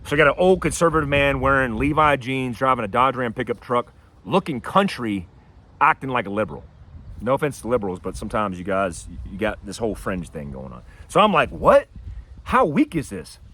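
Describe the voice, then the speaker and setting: A man telling a personal story to camera outdoors, casual and animated, acting out what people said. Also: medium pitch, a little fast. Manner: animated, acts out quotes in a raised voice. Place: outdoors by his house and driveway.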